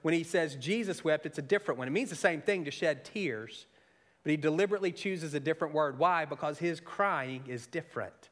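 Earnest preaching man, higher-pitched voice. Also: fairly quick. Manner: expressive, swings from soft and intimate to raised and emphatic. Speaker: pastor. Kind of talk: sermon.

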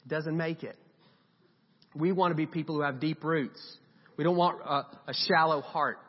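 A man's voice: fairly high pitch, steady tone, normal speed. A man preaching a sermon, earnest and conversational, acting out short quoted lines as he goes. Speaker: pastor. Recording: dull sound with long hall reverb.

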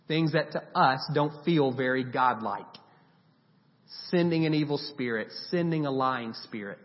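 A man preaching a sermon, retelling Bible stories in a lively, animated way and giving the people in them voices. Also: medium pitch. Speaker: pastor. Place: church sanctuary. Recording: dull recording with long reverb.

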